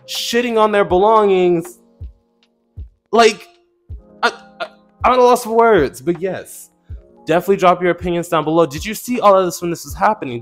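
Man in his twenties, slightly high voice, blunt indignant commentary, soft music behind. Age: 20s. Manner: indignant, blunt, swears casually. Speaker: commentary channel host. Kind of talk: reaction commentary.

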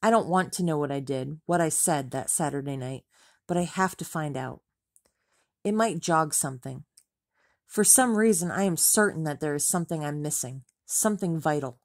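Woman reading a novel aloud, low and close. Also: moderate pace, no echo. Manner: subdued, ashamed, introspective. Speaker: audiobook reader. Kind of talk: first-person audiobook narration.

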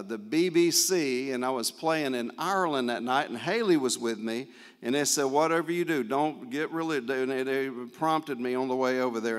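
An older man telling a folksy, animated testimony as a guest speaker at a church service. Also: a little high, long reverb tail. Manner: folksy, animated storyteller with frequent praise interjections. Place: church sanctuary.

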